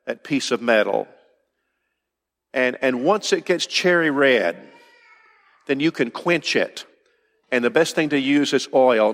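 A man's voice: medium pitch, fairly bright tone. An older man preaching a conversational sermon to his congregation in church, with emphatic questions. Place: church hall. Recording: roomy hall reverb.

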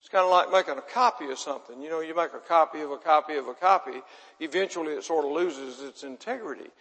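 Talking fast in a fairly high, slightly rough and a bit bright voice, a man delivers a folksy sermon. He's chatty and self-deprecating, asking the audience questions, and the sound has long hall reverb.

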